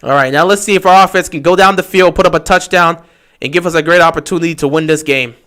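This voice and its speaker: A man giving excitable fan play-by-play commentary on a livestream, talking straight to his team. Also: on the high side, fast.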